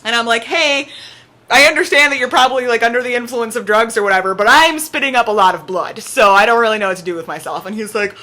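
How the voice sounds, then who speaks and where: A young woman with a bright, clear-edged voice tells a story straight to camera from her home, with her cat on her lap. She talks casually and animatedly, and "like" turns up in nearly every sentence. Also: fairly high pitch, fast. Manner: chatty, peppered with "like", animated retelling. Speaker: vlogger.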